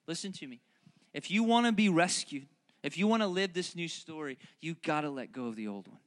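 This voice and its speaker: A man's voice: high voice, a bit bright. A man, preaching a sermon that mixes joking family stories with fervent, repeated calls to the congregation. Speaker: pastor.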